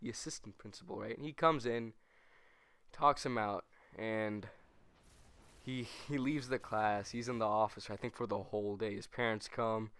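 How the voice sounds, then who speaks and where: A young man casually telling a school story over gameplay, rambling and animated, correcting himself as he goes. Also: fairly low pitch, clean tone, no echo. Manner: rambling, animated, self-correcting, with quick put-on quotes. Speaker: gaming channel host.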